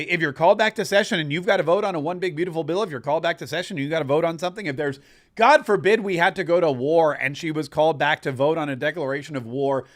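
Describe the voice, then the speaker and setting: Ranting high-voiced male commentator. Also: fairly bright tone. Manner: emphatic, ranting, sarcastic. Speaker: host. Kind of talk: political commentary talk.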